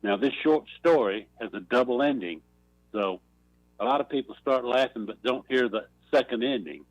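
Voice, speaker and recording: A man calling a talk radio show and slowly telling a long joke, clearing his throat along the way. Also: mid-range voice, dry recording, low-quality recording. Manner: slow rambling storyteller, clears throat. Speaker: caller.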